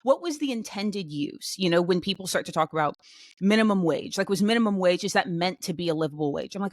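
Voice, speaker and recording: A woman co-host chats casually and with animation, often restarting her sentences. Her voice sits a little low for a woman. The recording is close and dry. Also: fast talker, no room sound. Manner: chatty, animated, with many fillers and restarts. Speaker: podcast co-host. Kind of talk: casual chat.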